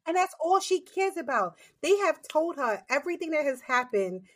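A woman's voice: sits high, very animated, moderate pace. A woman co-hosting a podcast, chatting casually and cutting in with blunt jokes. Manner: blunt, joking interjections. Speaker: podcast co-host. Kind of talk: casual chat.

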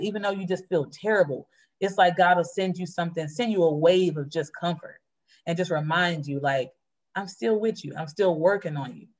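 A woman in a casual faith conversation, talking fast and earnestly as she shares her testimony. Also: on the low side. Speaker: churchgoer sharing testimony.

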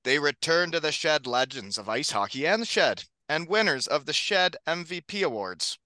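A man's voice: fairly high pitch, big pitch swings, moderate pace, sharp tone, no room sound. A man hosting a casual hockey podcast, upbeat and joking, often laughing. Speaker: podcast host.

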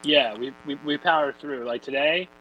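A young man with a somewhat raised pitch co-hosts a casual podcast. He jokes and chimes in with quick interjections. A faint hum sits behind his voice. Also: dull audio. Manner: jokey, chiming in with quick interjections. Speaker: podcast co-host.

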